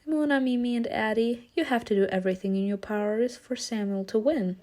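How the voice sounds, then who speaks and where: A woman's voice: fairly high pitch, brisk, dark tone, natural voice. A woman doing a chirpy angel teacher lady. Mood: instructive. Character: kind strict female angel teacher.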